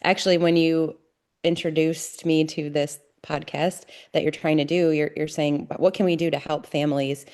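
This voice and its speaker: A middle-aged woman, a podcast guest, telling her family story candidly in an earnest, halting way with many restarts. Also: deep voice, level tone, darkish tone.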